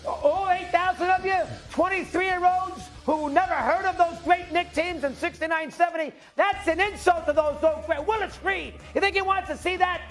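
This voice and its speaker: An older man ranting loudly and indignantly, firing off rapid sports opinions in a TV studio. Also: very high-pitched, fairly even intonation, faint music behind. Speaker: sports debate guest. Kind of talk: sports debate rant.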